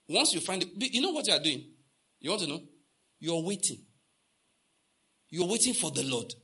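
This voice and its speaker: A man's voice: a little high, bright, forceful tone, slightly rough. A Nigerian man preaching a sermon, telling stories and acting out the dialogue, repeating lines for emphasis and asking the congregation questions. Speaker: pastor.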